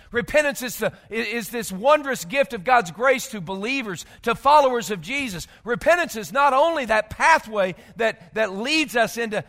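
High, bright-voiced preacher in a reverberant hall. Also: male voice. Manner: emphatic, swinging between loud outbursts and quiet low passages; repeats words when gathering thoughts. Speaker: pastor. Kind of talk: sermon.

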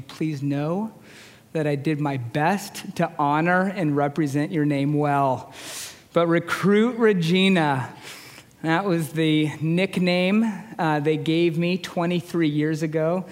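A man in his forties with a high-pitched voice, a chaplain preaching a storytelling sermon in a conversational, self-deprecating way. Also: fairly even intonation, a little slow, a little mellow. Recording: long reverb of a large hall.

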